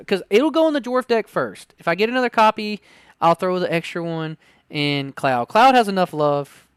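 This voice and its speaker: A man hosting a casual card-opening video, chatting excitably and reading card text aloud. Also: high-pitched, clean tone, no echo. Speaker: card-opening channel host. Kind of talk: casual unboxing chat.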